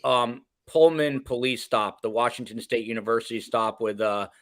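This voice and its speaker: A man's voice: medium pitch, steady tone, moderate pace, a bit bright, dry recording. A man hosting an interview, joking and loose, asking questions with lots of fillers. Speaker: host.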